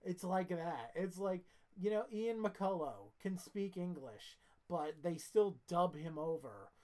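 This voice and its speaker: A woman's voice: on the low side, a little mellow. A sleepy woman giving a casual, rambling film review as the channel host, often restarting her sentences and swearing casually. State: sleepy, yawning.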